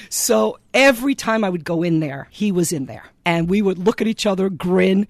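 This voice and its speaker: Middle-aged woman, guest author, lively storyteller in a dry studio. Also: mid-range voice, normal speed, dry recording. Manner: animated storyteller who acts out voices in quotes. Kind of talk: storytelling in a casual interview.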